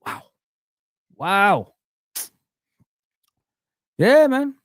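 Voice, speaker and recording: A man's voice: sits high, very animated, drawn-out words, no room sound. Young male streamer, exasperated swearing rant, dry close mic. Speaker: fan channel livestream host. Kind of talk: casual livestream rant.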